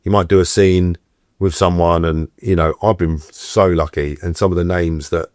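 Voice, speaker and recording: In a dry, clean studio recording, a middle-aged man with a low-sitting voice speaks at a moderate pace. He's an actor guest in a casual interview, animatedly telling stories and voicing the people he quotes.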